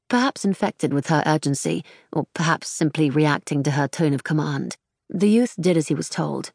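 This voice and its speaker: Low-voiced woman reading a story. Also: moderate pace, vocal fry, darkish tone, no room sound, clean studio sound. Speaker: audiobook narrator. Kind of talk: scripted narration.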